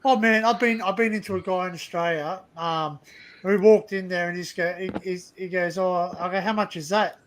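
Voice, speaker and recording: A man's voice: high-pitched, fairly even intonation, normal speed. A man hosting a live stream, chatting casually and telling rambling anecdotes with plenty of swearing.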